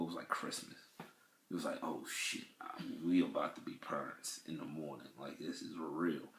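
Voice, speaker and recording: Young man, low voice, casual storytelling, animated, swears freely, roomy echo. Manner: animated, swears freely, acts out people's lines in raised voices. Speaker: father telling how his first child was born.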